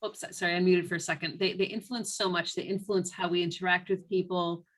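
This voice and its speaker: A woman's voice: lowish voice, flat delivery, a little fast. Woman teaching a class over video call. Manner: reflective, repeats key phrases. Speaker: instructor. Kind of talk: online class lecture.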